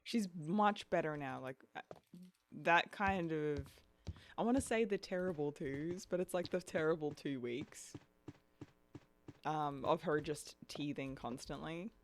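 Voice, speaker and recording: A woman's voice: low-pitched, measured pace, slight background noise. A young woman streaming a game and chatting casually, laughing often and dropping lots of "like" and "dude". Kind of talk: casual chat while gaming.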